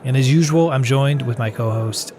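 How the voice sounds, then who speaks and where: A man hosting a podcast, chatting in a relaxed way with small restarts. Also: mid-range voice, normal speed. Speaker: podcast host. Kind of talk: casual podcast chat.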